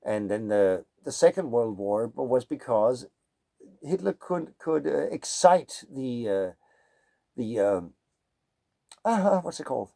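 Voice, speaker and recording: A man's voice: medium pitch, very animated, takes it slowly, vocal fry, long pauses, dark tone. A Danish man with a Danish accent, a music teacher talking in a digressive monologue and often groping for words. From Denmark. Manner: digressive, gropes for words with many fillers. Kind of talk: rambling spoken monologue.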